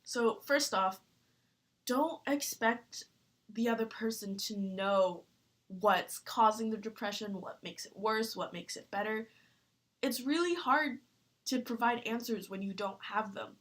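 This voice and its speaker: A young woman talking earnestly in a personal vlog, halting with fillers and close to tears. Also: on the high side. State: tearful. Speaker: vlogger.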